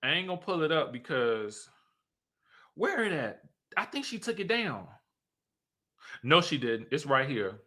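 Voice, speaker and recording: A young man speaking hosts a casual live stream, full of sass and playful repetition. His voice is bright and sits a little high for a man. The sound is dry and close, with no room echo. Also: a little slow, pauses often. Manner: sassy, animated, playful drawl, repeats himself. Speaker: host.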